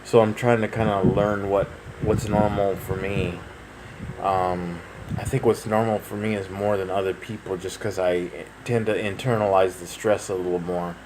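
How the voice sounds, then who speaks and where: A man's voice: deep voice, level tone, normal speed. A man in his thirties, rambling through a casual personal update to his viewers, full of fillers and restarts. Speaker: vlogger. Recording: noisy home recording.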